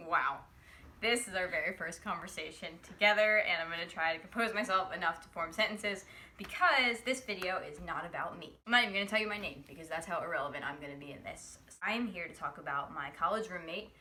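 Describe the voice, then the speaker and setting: A woman's voice: on the low side, sharp tone, a little hiss or hum. A young woman addressing the camera in a chatty, earnest way, with frequent fillers as she tells a friend's story. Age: young adult. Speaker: college student telling a friend's story. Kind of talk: direct-to-camera video message.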